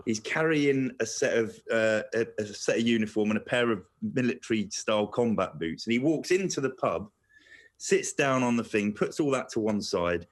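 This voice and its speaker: Lower-voiced man telling a story. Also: moderate pace. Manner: animated storyteller, chuckling through fillers. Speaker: radio show guest. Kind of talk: anecdotal storytelling on radio.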